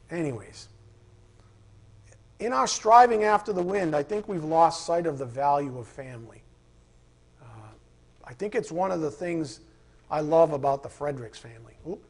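A man pastor preaching in a loose, conversational way, full of fillers and asides. His voice sits a bit higher than most men's, and he breaks off into heated, animated rants. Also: moderate pace, long pauses. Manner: rambling, informal, flares into animated rants. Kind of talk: conversational sermon.

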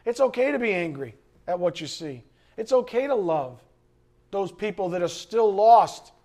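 A middle-aged man delivers a sermon as pastor, his voice sitting high for a man. He preaches in an animated way, acting out the voices of people he quotes and now and then breaking into a shout. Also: moderate pace.

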